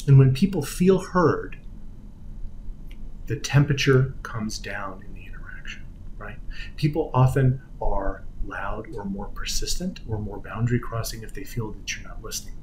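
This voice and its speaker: A man giving a conference lecture on patient communication in an explanatory way, often trailing off softly at the ends of phrases and now and then acting out quoted voices. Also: mid-range voice, a little hiss or hum, low-quality recording. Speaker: physical therapy lecturer.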